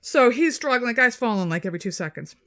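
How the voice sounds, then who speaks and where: Female podcast co-host, casual storyteller, animated, salty language. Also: on the high side, quick pace. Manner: animated retelling, swearing, quoting people in their voices.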